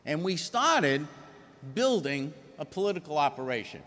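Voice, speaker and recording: Rhode island guy giving a union convention speech, kinda high voice, big hall echo, folksy and punchy. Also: sing-song, normal speed, fairly bright tone. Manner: folksy, emphatic, jokes with the audience. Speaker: union leader addressing a convention.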